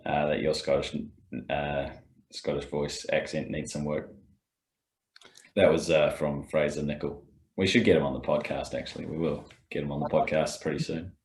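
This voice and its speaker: A man co-hosting a podcast, calmly explaining rules step by step. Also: extremely low pitch, normal speed, slight background noise. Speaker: podcast co-host and rules expert. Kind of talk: casual podcast chat, explaining. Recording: roomy echo.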